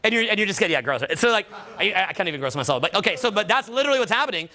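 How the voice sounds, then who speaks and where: High, bright-voiced male vocal coach. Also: racing. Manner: animated, acts out loud demonstration voices mid-explanation. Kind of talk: live workshop teaching. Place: workshop room with live students.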